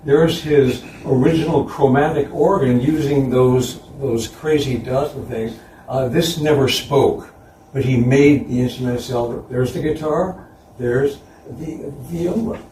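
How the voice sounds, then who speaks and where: A man giving a conference lecture about slides, relaxed and chuckling between points. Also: mid-range voice, a little slow, slight background noise. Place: concert hall. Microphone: distant room mic. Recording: roomy, distant hall recording.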